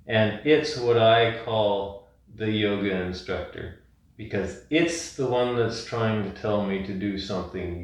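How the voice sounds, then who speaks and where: Calm male yoga teacher in an echoey room. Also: on the low side. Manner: calm, gentle instruction, rambling anecdotes. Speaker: yoga instructor. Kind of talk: guided yin yoga class with storytelling. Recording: echoey room, distant mic.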